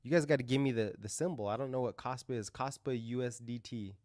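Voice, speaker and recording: A man's voice: medium pitch, quick pace, a little mellow, dry recording, studio quality. A man hosting a crypto livestream, talking casually and rambling through live chart commentary with lots of fillers and restarts.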